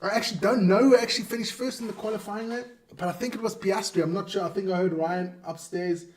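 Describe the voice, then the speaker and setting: High-ish voiced guy chatting on his live stream, a bit far from the mic, tripping on names. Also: quick pace, a little hiss or hum. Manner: chatty, stumbles over player names. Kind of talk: casual live-stream chat.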